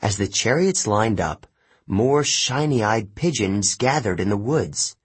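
A man reading a first-person adventure novel aloud, lively storytelling that jumps up for shouted lines. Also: fairly low pitch, slow pace, breathy edge. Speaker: audiobook narrator. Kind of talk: scripted narration of a novel.

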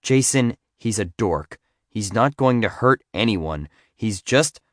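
A man's voice: on the low side, lively intonation, slow pace, no echo, studio quality. A man voicing an irritated, dismissive younger brother in an audiobook. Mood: annoyed. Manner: dismissive, annoyed.

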